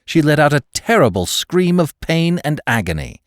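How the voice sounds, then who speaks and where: A man narrating a thriller audiobook in a measured, dramatic storytelling manner. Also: fairly high pitch, sing-song, no room sound, studio quality.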